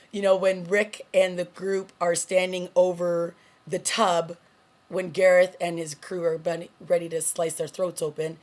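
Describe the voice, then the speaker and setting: A woman hosting her own TV review channel, casually recapping an episode and quoting its characters with a laugh. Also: on the low side. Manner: chatty, recaps scenes with quoted lines and laughs. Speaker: TV review host.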